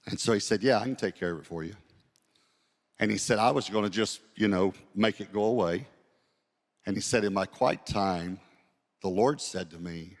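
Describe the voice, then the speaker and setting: A male pastor preaching a sermon, telling a story with quoted dialogue and slowing down to read scripture aloud. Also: on the low side. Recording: long hall reverb.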